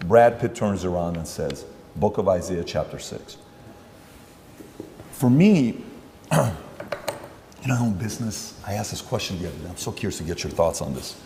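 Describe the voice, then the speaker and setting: A man's voice: low voice, lively intonation, moderate pace, long pauses, mellow, in a large hall, slight background noise. A man hosting a podcast interview, talking in a rambling, conversational way and acting out quoted dialogue. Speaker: podcast host.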